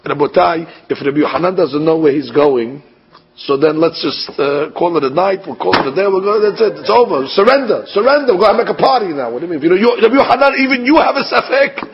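A man giving an animated sermon, asking rhetorical questions and mixing in Hebrew terms. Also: on the high side, quick pace, slightly rough. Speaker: rabbi giving a Torah class. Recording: dull lo-fi recording.

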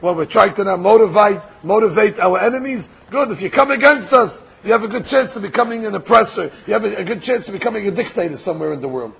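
An older man giving a Torah lecture, speaking in a deliberate, explanatory way and posing rhetorical questions before answering them. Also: sits high, lively intonation, creaky, husky. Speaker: Torah teacher. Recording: dull lo-fi recording.

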